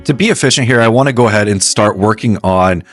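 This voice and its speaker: A man hosts a home cooking video, chatty and reassuring as he talks the viewer through each step in casual narration. His voice is on the low side and a bit bright, his pace quick, with faint music behind.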